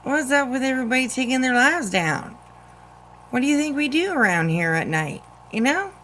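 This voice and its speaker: A woman's voice: high-pitched, big pitch swings, normal speed, fairly bright tone, poor audio. Rambling woman streamer, faint noise. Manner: rambling, lots of fillers. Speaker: drama commentary streamer. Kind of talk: casual live-stream commentary.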